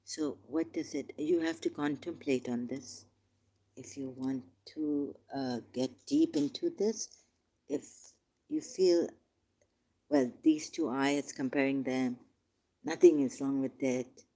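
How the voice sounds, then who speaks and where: A man reading scripture verses aloud and commenting on them, turning emotional, shifting between quiet musing and loud, drawn-out declaiming. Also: mid-range voice, fairly even intonation. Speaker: religious commentator.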